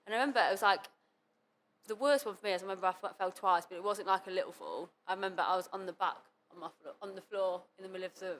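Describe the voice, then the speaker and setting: A woman's voice: mid-range voice, rapid-fire, fairly bright tone, slight background noise. A young woman guest on a casual podcast, chatty and full of fillers, quoting herself as she recalls things. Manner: chatty, lots of fillers and self-quotes. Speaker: guest cheerleader.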